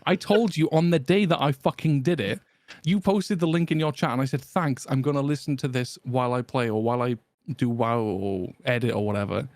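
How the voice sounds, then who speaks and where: A man's voice: mid-range voice, fairly quick, darkish tone, no echo. A man co-hosting a casual gaming podcast, joking and swearing between laughs. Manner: joking, profane, laughs often. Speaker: podcast co-host. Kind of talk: casual banter among friends.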